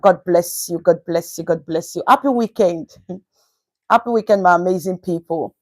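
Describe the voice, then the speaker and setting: A woman's voice: fairly low pitch, normal speed, darkish tone, poor audio. A woman with a Nigerian accent hosts a casual livestream from home. She chats easily, greeting her viewers by name. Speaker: livestream host.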